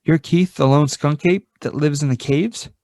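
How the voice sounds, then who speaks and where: A man's voice: fairly high pitch, normal speed, darkish tone, no room sound, lightly acted. A man voicing a naive, friendly boater lost in a swamp, polite, wide-eyed and folksy. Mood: surprised.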